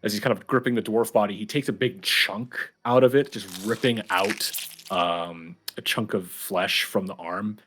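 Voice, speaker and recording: A man's voice: lowish voice, animated, moderate pace, gravelly, a bit bright, slightly rough. A man narrating as game master of a tabletop game, chatty and loose with fillers.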